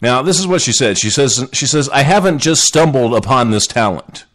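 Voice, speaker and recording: A man's voice: medium pitch, lively intonation, moderate pace, a bit bright. A man hosting a casual live podcast, joking and chatting with listeners in the chat. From Southern United States. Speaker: podcast host.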